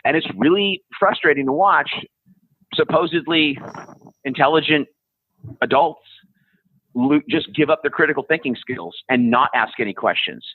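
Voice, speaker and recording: A man in his fifties, a podcast guest, ranting bluntly in casual conversation, profane and sarcastic, often mocking people in high-pitched put-on voices. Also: animated, normal speed, long pauses, breathy edge, no echo. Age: 50s. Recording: tinny phone-like line.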